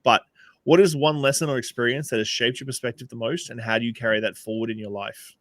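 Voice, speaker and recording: A man hosting a podcast, putting set interview questions to his guest in a measured way. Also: mid-range voice, fairly even intonation, a bit bright, dry recording. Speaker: podcast host.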